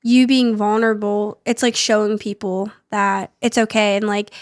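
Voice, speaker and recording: A woman's voice: medium pitch, flat delivery, moderate pace, no room sound, clean studio sound. A young woman hosting a podcast, chatting earnestly and leaning on lots of "like" fillers. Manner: earnest, filler-heavy with frequent "like". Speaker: podcast host. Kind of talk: casual chat.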